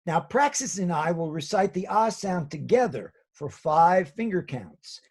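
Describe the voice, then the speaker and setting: A male drama teacher leads children through voice warm-ups, speaking slowly and patiently. His tone is a little husky, and his pitch rises and falls freely as he counts and models each sound. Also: big pitch swings. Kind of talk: guided classroom instruction.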